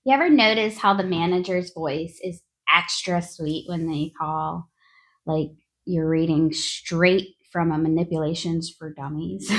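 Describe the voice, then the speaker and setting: A woman's voice: fairly low pitch, a little slow. A woman hosting a nurses' podcast, giving a sarcastic, exasperated comedic monologue.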